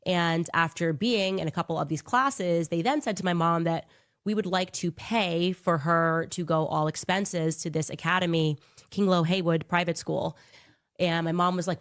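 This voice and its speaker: A woman with a somewhat low voice talks casually, telling personal stories. She acts out the voices of the people she quotes as she goes. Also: fairly even intonation, normal speed. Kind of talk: casual storytelling.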